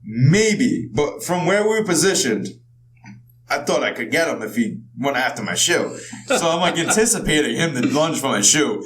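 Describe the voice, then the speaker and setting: A man's voice: fairly high pitch, very animated, normal speed, fairly bright tone, reverberant, distant mic, a little hiss or hum, low-quality recording. A man co-hosting a podcast, telling a rambling story in casual chat. He laughs often and swears freely. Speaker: podcast co-host.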